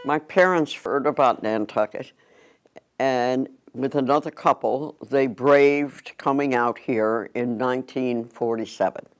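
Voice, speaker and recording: A man in his nineties, slowly and calmly recalling the past in an interview. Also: medium pitch, smooth. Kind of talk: reminiscing interview.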